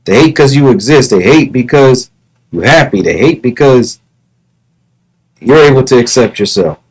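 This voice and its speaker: A man's voice: medium pitch, expressive, normal speed, breathy edge, rough recording. Earnest man rambling on a livestream. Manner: earnest, repetitive, stammering restarts. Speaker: live streamer. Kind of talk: casual livestream talk.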